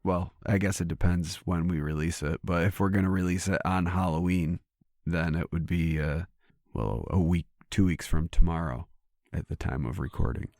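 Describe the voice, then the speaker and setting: Brief: middle-aged male podcast co-host, hoarse and gravelly, very deep, dry close mic, rambling chat. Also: steady tone, normal speed, a little mellow, no room sound. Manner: rambling, restarts and swears casually. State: hoarse, losing his voice. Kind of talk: casual chat. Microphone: studio microphone.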